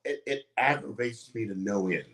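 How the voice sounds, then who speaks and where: A man's voice: mid-range voice, normal speed. A man co-hosting a casual wrestling chat show, telling stories with lots of energy, acting out quotes and laughing often. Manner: animated storyteller, acts out quotes, laughs often. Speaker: podcast co-host.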